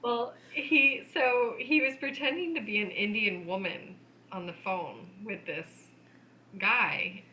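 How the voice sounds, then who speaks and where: A woman's voice: mid-range voice, takes it slowly, a little hiss or hum, rough recording. A woman co-hosting a podcast in casual chat, telling stories animatedly and laughing often. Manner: giggly, animated storyteller. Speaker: podcast co-host.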